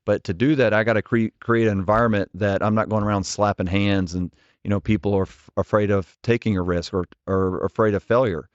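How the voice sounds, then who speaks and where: A man's voice: on the low side, fairly even intonation, a little fast, no echo, highs cut off. A man in his forties, a ministry leader, telling stories earnestly and directly in an interview, often restarting his words. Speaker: ministry leader, podcast guest. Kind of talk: conversational interview storytelling.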